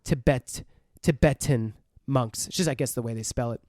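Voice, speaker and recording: A man's voice: mid-range voice, quick pace, a little mellow, no room sound, clean studio sound. A young man co-hosting a podcast, retelling a film in a rambling, profane way and laughing often. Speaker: podcast co-host. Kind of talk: casual film review chat.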